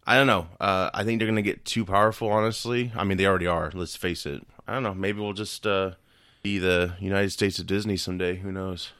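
A man's voice: sits low, a bit bright, no echo, clean studio sound. A young man co-hosting a casual movie chat, rambling and hesitant, often laughing between thoughts. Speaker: podcast co-host.

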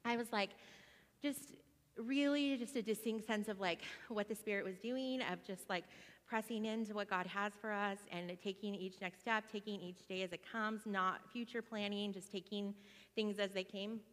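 A woman in her thirties talks through a personal story in a loose, meandering way, often restarting her sentences and filling pauses. Her voice sits at a middle pitch and carries a long reverb tail, as if she is in a large space. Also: fairly even intonation. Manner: rambling, with many fillers and restarts. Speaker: single mom sharing a testimony.

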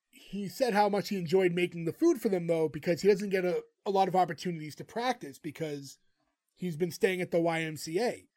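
A man's voice: high-pitched, moderate pace, a little mellow. A man co-hosting a podcast, recapping an episode in chatty casual talk full of fillers. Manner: chatty, full of "like" and "you know". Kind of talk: casual chat.

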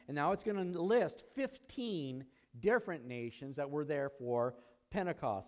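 A man preaching a conversational sermon in a church, teaching with casual asides and growing louder and higher when excited. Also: a little slow. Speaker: pastor. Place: church sanctuary.

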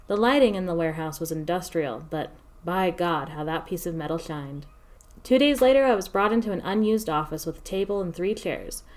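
A woman narrates a first-person story in a fairly low voice. Her delivery is steady and measured, with lines laid out one at a time.

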